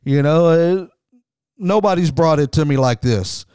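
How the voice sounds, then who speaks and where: A man putting on the voice of a calm, gruff male wrestler, speaking in a low, laid-back drawl. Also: unhurried, dry recording, studio quality, close to an everyday voice.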